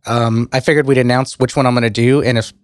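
A man co-hosting a casual podcast who is losing his voice and keeps clearing his throat. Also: mid-range voice, steady tone, fast talker, no echo, studio quality. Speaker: podcast co-host. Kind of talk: casual tech podcast chat.

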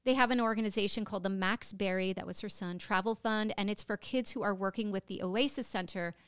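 Chatty woman podcast host, clear voice. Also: mid-range voice, fast, no echo, studio quality. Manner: emotional, rambling with many fillers. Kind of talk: casual storytelling chat.

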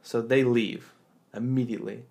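A man's voice: medium pitch, flat delivery, normal speed, darkish tone. A man hosting a podcast, telling a story in casual chat, acting out quotes in exaggerated voices with lots of fillers. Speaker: podcast host.

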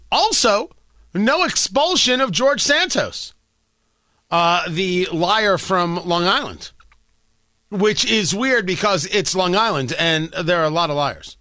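A talk radio host with an East Coast American accent riffs sarcastically into a close, dry studio mic. His voice sits a bit high and bright, and it rises and falls in lively swings. Faint music plays under him. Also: no room sound. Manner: sarcastic, animated, jokey. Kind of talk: opinionated talk radio monologue.

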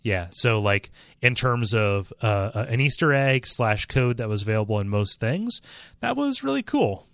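A man hosting a casual chat about video games, relaxed and leading the conversation. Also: mid-range voice, moderate pace, gravelly, no echo. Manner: relaxed, leads the segment and hands off readings.

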